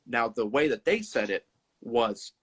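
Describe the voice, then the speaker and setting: A man's voice: mid-range voice, big pitch swings, unhurried, fairly bright tone, slightly rough. A man in his twenties, a podcast guest telling a casual anecdote in a laid-back way and often breaking into laughter. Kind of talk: casual storytelling chat.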